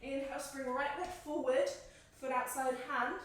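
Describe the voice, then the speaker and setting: A woman leading a home yoga class, giving calm, encouraging cues in time with the breath, a little out of breath. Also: high-pitched, moderate pace, a little hiss or hum. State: slightly out of breath. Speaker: yoga instructor. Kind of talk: guided yoga class instruction. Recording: echoey room, mic at a distance.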